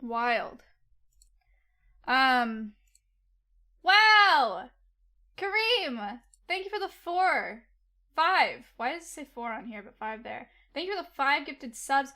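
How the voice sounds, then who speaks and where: A woman's voice: high-pitched, expressive, unhurried, pushed and bright. A young woman streaming live, chatting casually and slangily as she rattles off thanks to viewers. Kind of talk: casual livestream chat.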